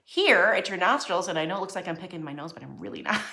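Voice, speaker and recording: A woman's voice: on the low side, animated, fast talker, creaky, pushed and bright. A young woman teaching a casual drawing lesson, chatty and joking with herself as she shades. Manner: chatty, jokey, talks to herself while drawing. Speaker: art teacher. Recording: echoey room.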